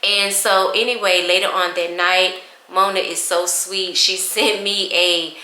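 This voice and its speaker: A vlogger shares an emotional story with her viewers, calling them y'all in a casual, chatty way. Her voice is fairly low and bright with a forceful tone, fairly even intonation and a measured pace. The room is echoey, with a little hiss or hum.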